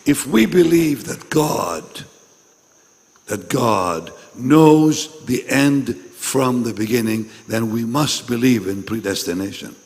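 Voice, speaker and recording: A man preaching a sermon to pastors, his voice still strained from losing it, swinging between loud calls and hushed asides. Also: mid-range voice, animated, takes it slowly. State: recovering from a lost voice. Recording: long hall reverb.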